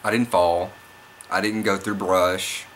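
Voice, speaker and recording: A young man with a low, bright-edged voice tells a story straight to camera. He rambles and repeats himself, getting more and more excited. A faint hiss sits under the recording. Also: slow. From Oklahoma. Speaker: vlogger. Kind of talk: casual storytelling vlog.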